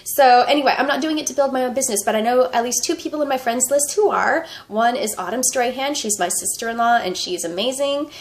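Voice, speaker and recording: A woman's voice: a little high, fast talker, few pauses, slight background noise. A woman vlogger with a fever, chatting casually and rambling, with frequent laughter. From United States. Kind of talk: casual vlog chat.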